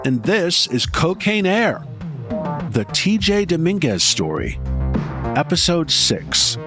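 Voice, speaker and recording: Brief: male documentary narrator, suspenseful and dramatic, slightly high, over music. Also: very animated, slow pace. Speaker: podcast host and narrator.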